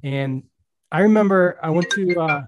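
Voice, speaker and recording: A man hosting a casual baseball podcast, chatting in a relaxed way with lots of fillers. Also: sits high, normal speed, dull audio, over music. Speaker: podcast host.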